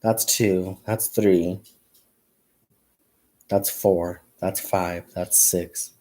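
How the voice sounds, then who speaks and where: A man's voice: low-pitched, fairly even intonation, very slow, dark tone. A young man hosting a casual crafting livestream, telling stories with lots of laughs, talking to his viewers as "you guys" and "y'all", and counting stitches aloud as he crochets. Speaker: crafting channel host.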